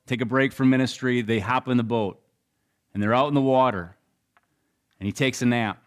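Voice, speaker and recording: A man's voice: mid-range voice, steady tone, normal speed, pauses often. Pastor, young adult male, medium voice, storytelling sermon with dynamic delivery. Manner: storytelling, swings between loud and hushed.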